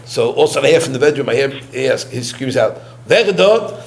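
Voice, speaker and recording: A man giving a eulogy through personal stories, halting and repeating words, with Yiddish and Hebrew terms mixed into his English. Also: mid-range voice, steady tone, creaky. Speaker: eulogist, former student. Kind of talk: eulogy told as personal anecdotes.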